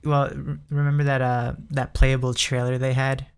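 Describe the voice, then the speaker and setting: Smooth, even-voiced man whose voice cracks. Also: mid-range voice, moderate pace. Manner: voice prone to cracking. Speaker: podcast co-host. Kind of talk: casual chat about video games.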